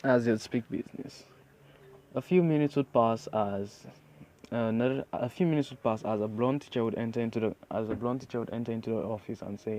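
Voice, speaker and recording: A man's voice: mid-range voice, fairly quick, warm tone, slight background noise. A man narrating an improvised fan story, rambling with many restarts.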